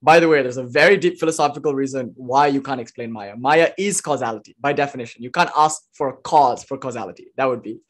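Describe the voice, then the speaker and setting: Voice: mid-range voice, fast, hardly any pauses. Casual, explaining spiritual lecturer. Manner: explanatory, informal, with light laughs and filler words.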